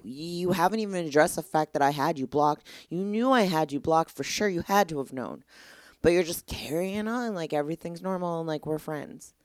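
A woman's voice: deep voice, moderate pace, no room sound, studio quality. A young woman hosting a casual solo podcast, candid and exasperated, rambling with lots of "like". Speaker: podcast host.

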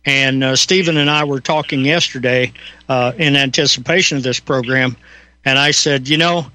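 Bright-voiced Southern radio host. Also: male voice, medium pitch, steady tone, moderate pace, rough recording. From Southern United States. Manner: folksy, rambling with many fillers. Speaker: radio talk show host. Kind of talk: casual radio chat.

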